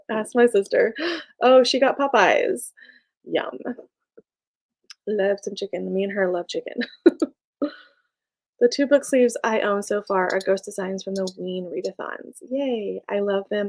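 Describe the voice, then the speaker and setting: A woman's voice: medium pitch, a little mellow. A young woman chatting casually on a live stream, reading viewer comments, bubbly and laughing often. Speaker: small business owner and live streamer.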